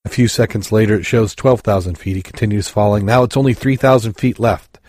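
Low-voiced man hosting a casual podcast. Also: fairly quick, darkish tone, no echo, studio quality. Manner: rambling, stumbles over words, tells jokes. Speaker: podcast host.

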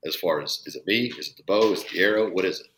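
Racing along in a low-pitched, fairly bright voice, this podcast guest is a bowhunter who talks with earnest emphasis and the occasional curse. A faint hiss or hum sits under the casual recording.

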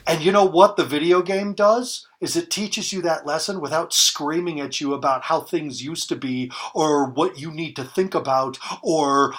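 A man's voice: fairly high pitch, normal speed, few pauses, a bit bright. A man in his fifties, a guest on a podcast, giving parenting advice in an emphatic way and repeating key phrases for stress. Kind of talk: conversational advice in a podcast interview.

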